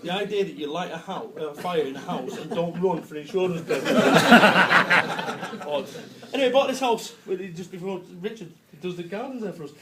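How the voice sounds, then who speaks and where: Over crowd noise, a business speaker from Salford, England, with a Manchester accent delivers a comic motivational talk to a live audience. He's brash and jokey, swearing and laughing as he goes, speaking at a high pitch and a moderate pace.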